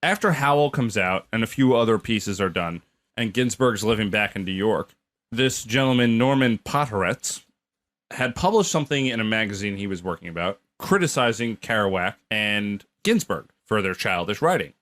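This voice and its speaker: A man's voice: on the low side, expressive, moderate pace, a bit bright. A man co-hosting a comedy podcast, telling a history story in a blunt, mocking way with filler words. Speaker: podcast co-host.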